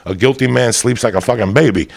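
A man doing profane stand-up, telling a story in a loud, brash, rambunctious way and swearing constantly. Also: medium pitch, fast talker, vocal fry. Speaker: stand-up comedian.

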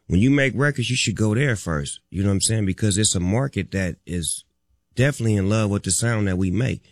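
A man with a Southern California accent and a very low, deep voice, talking in a relaxed, slangy drawl as a radio guest. The studio sound is dry and close, with no room around him. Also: a little fast, no echo. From Long Beach, California. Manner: laid-back drawl, slangy. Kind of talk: casual radio chat.

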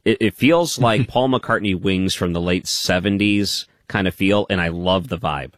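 Man, deep voice, radio talk host, dry close studio sound, conversational questions. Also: a little slow, dry recording. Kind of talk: late-night radio interview.

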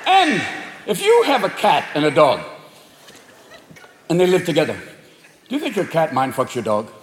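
Crude, animated stand-up comedian. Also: male voice, on the high side, moderate pace, background noise. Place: live stage in a hall. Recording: live hall echo, loud crowd.

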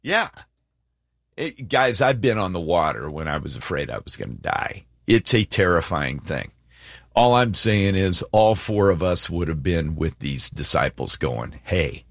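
A man co-hosting a faith talk show, his voice rising and falling in a lively way as he acts out quotes. The sound is close and dry, with no room around it. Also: a little slow, creaky, no room sound. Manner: animated, acts out quotes with swings in pitch. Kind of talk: casual Bible discussion.

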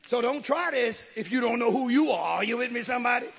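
High, gravelly shouting preacher man. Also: brisk, few pauses. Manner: call-and-response, rising to shouts. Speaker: pastor. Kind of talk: sermon.

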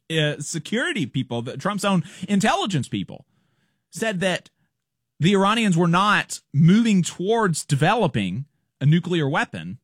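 A man hosting a political commentary show, talking casually, animated and scornful, laughing often. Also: high voice, no echo, clean studio sound.

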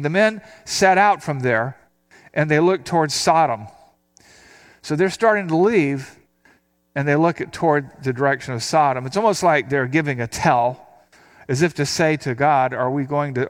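An older man teaching a Bible passage, reading verses aloud and explaining them in a relaxed, conversational way. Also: a little high, moderate pace. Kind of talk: sermon.

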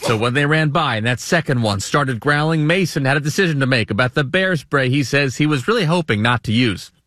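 A man narrating a scripted network news report with a brisk, lightly playful delivery. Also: medium pitch, animated, fairly bright tone.

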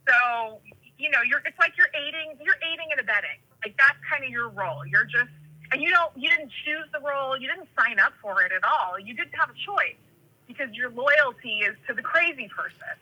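A woman from California tells animated stories in a very bright, husky voice. She rambles and wanders into tangents, padding her talk with plenty of fillers. Her voice sits a little high. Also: normal speed, rough recording. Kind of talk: casual storytelling chat.

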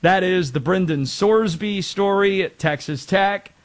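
A North Carolina man hosts a relaxed sports talk show on the radio, his voice sitting high and his pace a little slow. He's chatty and drifts into rambling asides.

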